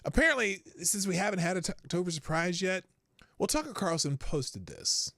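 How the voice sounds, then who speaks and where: A man hosts a casual commentary show with plenty of energy, his pitch sliding up and down all the time. His voice is bright and a little high for a man. He is recorded close and dry, with no room around him. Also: fairly quick, vocal fry, no room sound. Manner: animated, jumps between topics with fillers. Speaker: host.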